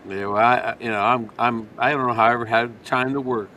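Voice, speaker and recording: An older retired man co-hosting a casual livestream chat, relaxed and quick to laugh. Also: mid-range voice, slight background noise. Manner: easygoing, laughs often. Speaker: livestream co-host.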